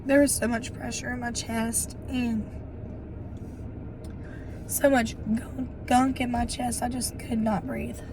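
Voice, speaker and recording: Young woman, hoarse and short of breath, chatty vlog storyteller with a slightly high voice. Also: little pitch movement, noisy background. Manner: chatty, storytelling, quick asides. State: hoarse and winded from bronchitis. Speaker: vlogger. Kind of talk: casual chat to camera.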